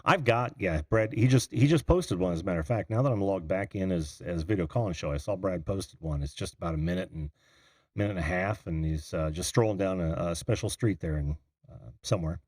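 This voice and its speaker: On a video call using his computer mic, a middle-aged call-in livestream host speaks in a low, fairly quick, slightly rough voice. He meanders casually and addresses comments from the chat. The recording is dry, with a clean studio sound.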